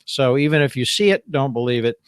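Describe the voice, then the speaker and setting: A man's voice: medium pitch, expressive, a little fast, clear, resonant tone, no room sound. A man hosting a live-streamed show, chatting casually in a rambling, joking way. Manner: rambling, jokey, trails off and restarts. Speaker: show host.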